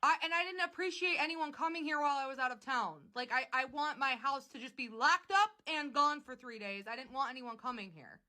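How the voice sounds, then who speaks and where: Thirties woman, very high bright voice, insistent and irate. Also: fairly quick, few pauses. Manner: angry, insistent, repeating demands. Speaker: mother arguing on a phone call. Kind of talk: heated argument.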